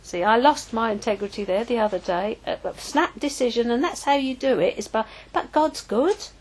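A woman's voice: a little high, fairly quick, poor audio. An older woman giving an informal, anecdotal teaching talk as a preacher, chatty and prone to self-corrections.

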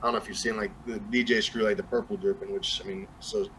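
Low-voiced man with a Southern drawl. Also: fairly even intonation, quick pace, a bit bright, slight background noise, low-quality recording. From New Mexico. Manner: rambling, many fillers and restarts. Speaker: guest rapper. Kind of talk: casual podcast chat.

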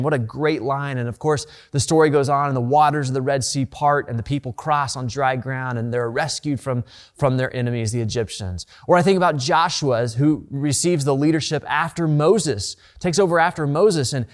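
A man's voice: medium pitch, normal speed. A man preaching a sermon as a pastor, earnest and conversational, often repeating words as he restarts a thought.

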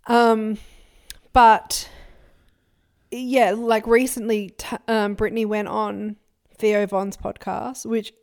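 Young woman, podcast co-host, casual gossip chat, animated. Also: on the high side, slow, vocal fry. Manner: animated, quotes people in put-on voices.

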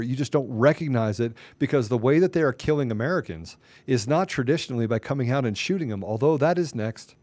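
A man's voice: mid-range voice, lively intonation, quick pace, darkish tone, no echo. A man hosting a political talk show, delivering fervent, ranting commentary full of rhetorical questions.

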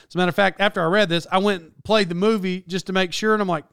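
Man, fairly high voice, clean and dry; rambling casual host, lots of restarts. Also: quick pace, creaky, few pauses, clear, resonant tone, dry recording. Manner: rambling, self-correcting, animated. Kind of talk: casual monologue.

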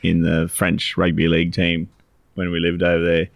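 A man's voice: low-pitched, monotone, moderate pace, vocal fry, no room sound, clean studio sound. A middle-aged Australian man co-hosting a podcast, telling a meandering story in casual chat. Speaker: podcast co-host, financial adviser.

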